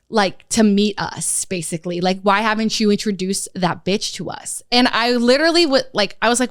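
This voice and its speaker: A woman's voice: medium pitch, normal speed, hardly any pauses, smooth, no echo, studio quality. A young woman chatting casually as a podcast guest, telling a long personal story with lots of fillers. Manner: storytelling, animated, many fillers. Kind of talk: casual chat.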